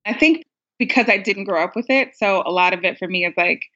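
A woman's voice: medium pitch, brisk, pushed and bright. Young woman caller, casual, self-mocking, laughs a lot; dull lo-fi recording. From United States. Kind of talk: casual storytelling. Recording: dull lo-fi sound.

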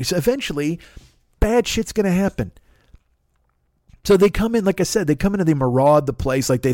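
Podcast host, man, profane comic rant, mid pitch, dead-dry booth sound. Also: a little mellow, no echo. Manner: angry, profane, mocking voices of others.

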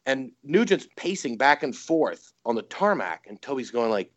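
A man's voice: mid-range voice, big pitch swings, normal speed, muffled recording. A man, a comedian guest, telling a story in casual chat and acting out voices and sound effects.

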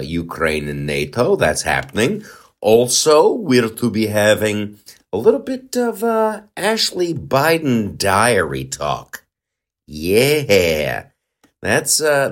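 A man hosting a comedy podcast in a rambling, joking monologue full of asides. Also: lowish voice. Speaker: podcast host. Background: faint guitar.

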